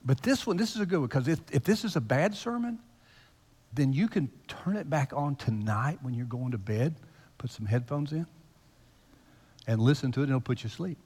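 Man, pastor, conversational sermon, teasing, loud-to-hushed swings, mid pitch, long hall reverb. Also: lively intonation, normal speed, breathy edge. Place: church sanctuary.

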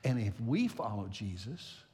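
A man's voice: lowish voice, big pitch swings, unhurried, dark tone. An older man, a pastor, preaching a sermon and telling a personal story, repeating phrases for emphasis. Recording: long hall reverb.

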